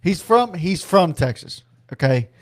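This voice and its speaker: A young man co-hosting a casual sports podcast, excitable, swearing a lot and often restarting his sentences. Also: sits high, unhurried. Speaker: podcast co-host.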